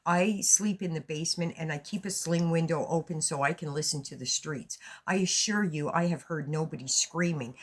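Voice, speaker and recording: Woman, low voice, casual vlog story, animated and blunt. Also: normal speed, hardly any pauses. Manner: animated, swearing, rises high when retelling her own lines. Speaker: vlogger.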